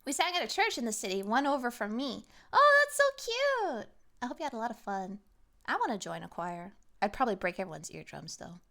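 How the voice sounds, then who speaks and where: A young woman streamer chatting casually with her chat, lively and animated, sometimes acting out what people say. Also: medium pitch, fast talker, gravelly.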